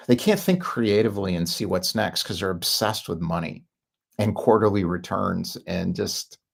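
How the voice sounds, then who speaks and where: Middle-aged man, low gravelly husky voice, blunt exasperated monologue. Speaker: marketing consultant. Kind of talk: candid monologue.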